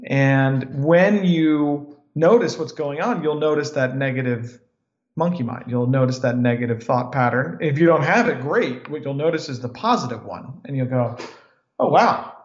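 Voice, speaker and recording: A man in his forties, a podcast guest speaking in a calm and reflective way. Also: mid-range voice, moderate pace. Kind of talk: podcast interview. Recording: roomy, dull lo-fi sound.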